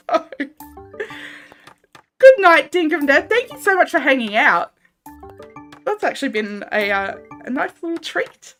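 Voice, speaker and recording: Australian woman, game streamer, laughs easily, bright forceful tone, casual banter. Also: high-pitched, expressive, a little slow, long pauses, faint music behind. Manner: chatty, laughs often, banters and swears while playing. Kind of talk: casual live-stream chat with viewers. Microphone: desk microphone.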